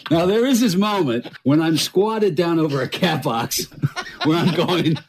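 A man's voice: fairly high pitch, a little slow. A man tells a funny story with a lot of swing in his voice, breaking into laughter as he goes. Faint noise sits under the recording. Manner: animated storyteller, laughing through it. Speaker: actor telling a story in an archive clip. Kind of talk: comic anecdote.

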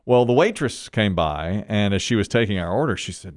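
A man's voice: low-pitched, fairly quick, few pauses, dry recording, studio quality. A man hosting a talk show, telling a story casually and animatedly. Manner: animated storyteller, laughs often.

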